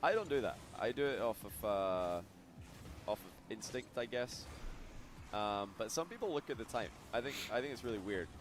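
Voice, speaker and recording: A man's voice: lowish voice, lively intonation, normal speed, background noise. A man casting a video game match, rambling through asides and self-deprecating chatter. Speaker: caster. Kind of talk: casual esports commentary.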